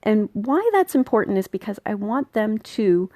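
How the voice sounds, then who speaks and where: With a warm, sing-song, mid-range voice at a normal pace, this dog grooming and training podcast host talks in a chatty, friendly way. The recording is dry and studio quality; she laughs frequently and acts out dogs' thoughts while teaching casually.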